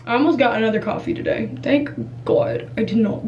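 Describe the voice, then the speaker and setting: Excitable young woman vlogging on her phone. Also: fairly high pitch, background noise. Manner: excitable, rushed and chatty. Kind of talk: casual vlog to camera. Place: in a car, then a small bathroom. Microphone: phone held at arm's length.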